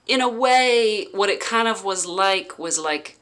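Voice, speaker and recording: Woman vlogger, unhurried and halting, crisp bright tone, casual storytelling. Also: medium pitch, animated. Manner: halting, heavy with "like" fillers. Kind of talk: casual personal recounting.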